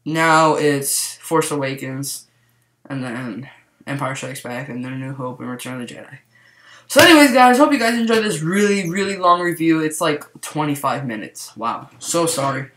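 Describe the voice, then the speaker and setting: A man giving a casual movie review to camera, rambling and excited, with lots of "like" fillers. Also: on the high side, moderate pace. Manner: rambling, excitable, heavy use of "like". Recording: roomy echo.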